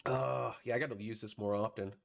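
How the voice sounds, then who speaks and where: A man streaming a video game, chatting casually and bantering with viewers, his voice a bit hoarse from a recent illness. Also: fairly low pitch, steady tone, fairly quick. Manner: joking, bantering with chat.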